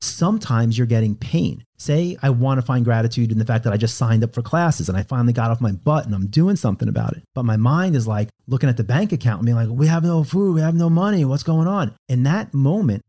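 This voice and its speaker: Mellow-voiced man explaining in casual chat. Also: mid-range voice, expressive, quick pace, hardly any pauses, breathy edge. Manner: explains with acted-out inner monologue.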